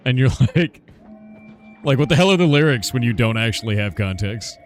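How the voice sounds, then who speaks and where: A man's voice: medium pitch, animated, normal speed, faint music behind. A man streaming a game in casual chat, thinking aloud and swearing under his breath as he plays.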